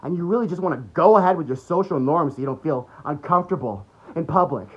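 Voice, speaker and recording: A man's voice: on the high side, expressive, fast. Heated, swearing man ranting. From United States. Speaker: political commentator. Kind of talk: unscripted political rant. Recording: dull lo-fi recording.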